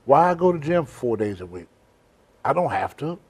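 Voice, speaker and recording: A man's voice: mid-range voice, sing-song, normal speed, a little mellow, slightly rough. An older man hosting a casual interview, telling blunt, rambling stories in a folksy way. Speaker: host. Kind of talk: casual storytelling chat.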